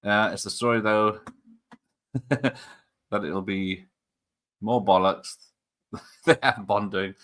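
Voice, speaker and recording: A man's voice: lowish voice, fairly even intonation, slow, long pauses, fairly bright tone. A man hosting a casual film watch party online, joking and rambling with frequent laughs. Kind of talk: casual chat over a film.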